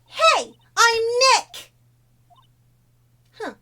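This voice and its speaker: A woman's voice: high voice, very animated, moderate pace, a bit bright. A woman voicing a cheerful, playful young girl, reading game dialogue aloud with curious questions.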